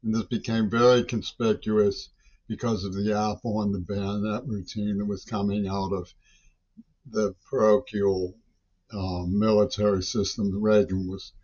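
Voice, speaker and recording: A man's voice: fairly low pitch, flat delivery, unhurried, a little mellow, slightly rough. An older man delivering a long, agitated, rambling monologue, often breaking off words and restarting. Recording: dull lo-fi recording.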